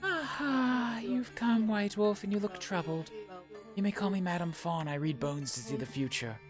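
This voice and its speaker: A man voicing a mysterious female fortune teller who reads bones, speaking in a hushed, measured, ominous way while reading game dialogue aloud. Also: high-pitched, music in the background, voice pushed up, lightly acted. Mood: mystic.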